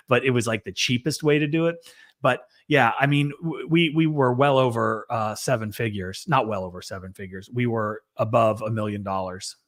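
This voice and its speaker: A man who runs a service business, speaking as a guest in a casual Q&A in a relaxed, rambling way with many fillers. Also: medium pitch.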